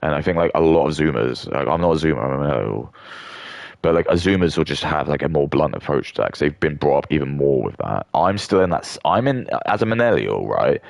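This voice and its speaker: A man's voice: extremely low pitch, expressive, quick pace, creaky, no room sound. A British man in his thirties, talking in a rambling, blunt rant with frequent stammering restarts. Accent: British English. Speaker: streamer.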